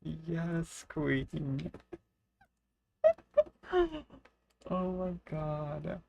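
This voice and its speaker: Woman streamer, excitable and profane, gravelly, slow-spoken, soft keyboard clatter. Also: a bass voice, slight background noise. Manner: excitable, swears and gushes freely. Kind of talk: live game stream chat.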